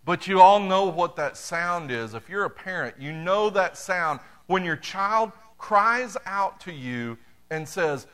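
A middle-aged man delivering a sermon at an unhurried pace. His voice is bright and fairly high for a man. He speaks straight to his congregation, mixing plain talk with dry humor. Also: expressive, clear, resonant tone. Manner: conversational preaching with dry humor, addresses congregation directly. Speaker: pastor.

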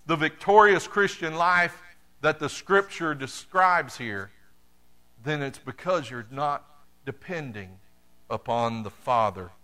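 A man's voice: fairly high pitch, pushed and bright. A middle-aged man preaching a sermon, talking to the congregation in a conversational way with dry humor. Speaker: pastor.

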